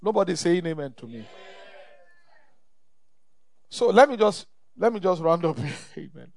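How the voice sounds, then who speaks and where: A man's voice: high-pitched, big pitch swings, normal speed. A middle-aged Nigerian man preaching a sermon as pastor, emphatic and repeating his phrases, calling the congregation for amen.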